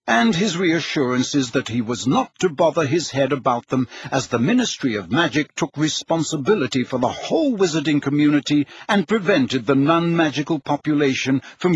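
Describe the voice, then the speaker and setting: A man narrating an audiobook in a measured, even storytelling manner. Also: mid-range voice, husky, no room sound, highs cut off. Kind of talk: scripted narration.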